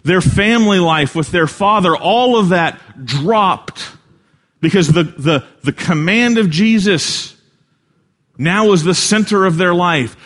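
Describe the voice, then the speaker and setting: A man preaching a sermon in an earnest way, swelling louder for emphasis and dropping soft at key lines. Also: high-pitched, takes it slowly. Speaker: pastor.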